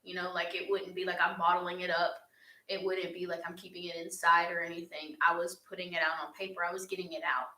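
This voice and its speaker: A woman's voice: fairly low pitch, little pitch movement, a little fast, bright, forceful tone. A young woman answers fan questions in an earnest, heartfelt casual chat, with laughs along the way. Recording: echoey room.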